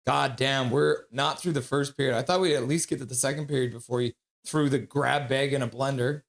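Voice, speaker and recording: A man streaming live hockey play-by-play, excitable and blunt, chatting casually with his viewers between plays. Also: medium pitch, a little fast, vocal fry. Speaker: streamer doing fan play-by-play.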